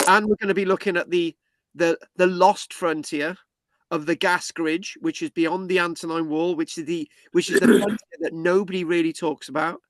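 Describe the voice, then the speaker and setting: A British man with a high, light voice tutors and hosts a casual online history class over a video call. He's chatty and halting, restarting sentences, with a steady tone, and the sound is dry and close with no echo.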